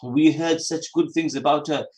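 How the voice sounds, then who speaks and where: A man's voice: on the high side, fairly even intonation, normal speed, darkish tone, close to an everyday voice. A man voicing a gossiping middle-aged mother-in-law who chats with friends and mixes in Urdu words. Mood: gossipy. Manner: chatty and exaggerated, mixing in Urdu words.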